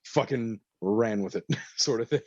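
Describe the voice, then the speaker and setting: Excitable, foul-mouthed man on a podcast. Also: medium pitch, slow, dry recording, highs cut off. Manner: swearing, excitable, laughs often. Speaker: podcast co-host. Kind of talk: casual wrestling chat.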